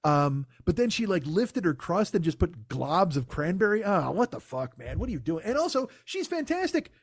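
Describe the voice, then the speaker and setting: A man's voice: high-pitched, very animated, moderate pace, slightly rough, no room sound, studio quality. A man in his forties, a comedian hosting his own podcast, telling stories in a profane, exasperated rant. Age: 40s.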